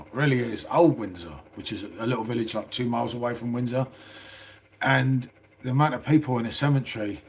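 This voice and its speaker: A middle-aged man with a southern English accent, chatting loosely on a live stream from indoors. His voice is husky and sits at an ordinary pitch, and he fills his talk with "mate" and plenty of swearing. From England. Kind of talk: casual live stream chat. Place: small house indoors.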